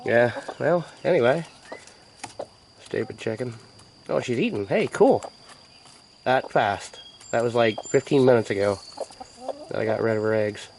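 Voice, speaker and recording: Gravelly laid-back man talking outdoors. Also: medium pitch, darkish tone, slight background noise. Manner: laid-back, drawling, mutters asides. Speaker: homesteading vlogger. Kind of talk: casual rambling narration. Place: outdoors in a rural yard by a chicken coop. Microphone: handheld camera. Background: crickets and insects outdoors.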